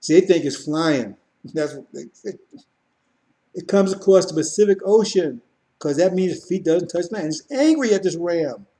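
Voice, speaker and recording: A man's voice: high voice, animated, normal speed, warm tone. A man preaching a sermon, repeating points and addressing listeners directly with frequent asides.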